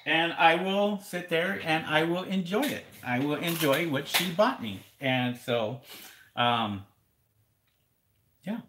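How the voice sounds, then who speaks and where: Guy doing a live q&a, rambles and repeats himself a lot, kinda sharp tone, echoey room. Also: fairly high pitch, animated, slow pace. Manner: rambling, repeats words, talks to viewers as guys. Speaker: livestream host answering seller questions. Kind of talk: casual live Q&A.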